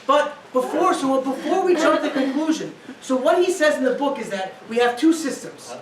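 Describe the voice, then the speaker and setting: A rabbi giving a guest talk on family life, animated and acting out little scenes, checking in with his listeners with "right?". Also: very high voice, moderate pace, a crowd in the background. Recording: echoey room, distant mic, faint noise.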